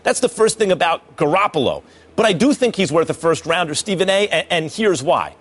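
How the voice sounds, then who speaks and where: A man's voice: on the high side, animated, fairly quick. A man on a sports debate panel who breaks down arguments point by point.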